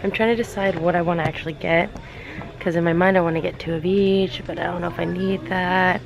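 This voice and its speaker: A young woman, vlogging casually from her car and around stores, rambling and indecisive, getting excited as she talks. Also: lowish voice, brisk, vocal fry. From California. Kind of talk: casual vlog chat.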